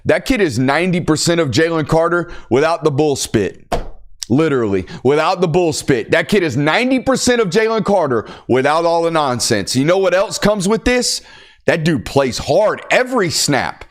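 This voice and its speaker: This young football podcast host speaks in a voice on the high side at a moderate pace. He keeps things casual, animated and emphatic, ranting now and then.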